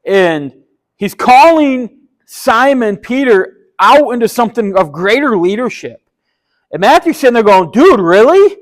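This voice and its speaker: A man's voice: very high-pitched, lively intonation, a little slow, poor audio. A man preaching a casual sermon, retelling a story in a chatty, enthusiastic and slangy way. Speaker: pastor.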